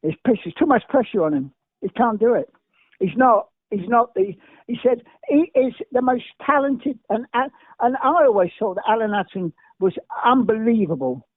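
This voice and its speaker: A man's voice: extremely high pitch, lively intonation, moderate pace, no room sound. Older man with a tinny phone-like sound. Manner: emphatic, repetitive, rambling anecdotes. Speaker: guest. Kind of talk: anecdotal interview storytelling.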